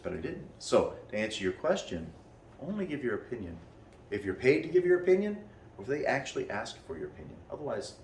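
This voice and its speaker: A man telling a story to his class as their teacher, animated, acting out what people said with many restarts. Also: medium pitch, roomy sound, recorded from a distance, slight background noise. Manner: animated, acts out quotes in raised voices, many restarts. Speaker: martial arts teacher leading a class. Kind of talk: storytelling lesson to students.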